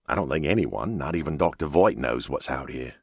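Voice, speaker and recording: A man voicing a calm, commanding captain. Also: a bass voice, fairly quick, slightly rough, no echo, studio quality, heavily acted. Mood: steady. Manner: firm, commanding radio calls. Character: calm, steady male expedition captain. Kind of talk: audiobook character voice.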